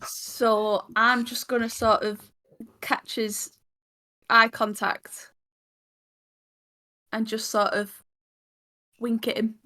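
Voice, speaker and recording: Hesitant woman player, fairly high voice. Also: flat delivery, extremely slow, long pauses, pushed and bright. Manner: hesitant, full of ums and restarts. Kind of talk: tabletop role-play.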